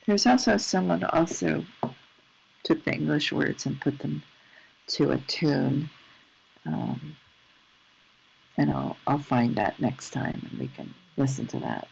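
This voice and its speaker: Unhurried scripture-class host, gritty tone, gentle asides, dull lo-fi sound. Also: mid-range voice, gravelly, a little hiss or hum. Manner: slow, soft-spoken and unhurried, with gentle asides. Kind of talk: informal scripture reading and commentary. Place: at home in the evening. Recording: slightly dull lo-fi recording.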